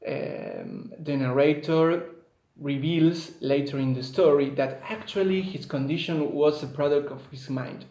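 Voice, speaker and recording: Man, student presenter, slow and hesitant academic reading, echoey room sound. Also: on the high side, gravelly, darkish tone. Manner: measured, with frequent filler hesitations. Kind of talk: read-aloud academic presentation.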